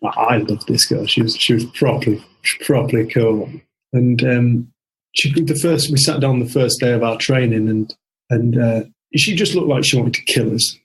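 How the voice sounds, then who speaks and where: A man's voice: medium pitch, normal speed, rough recording. A man who works as a coach, a guest on a podcast, telling a long story with lots of restarts and "she said". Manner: animated storyteller, quotes others with repeated "she said", frequent restarts.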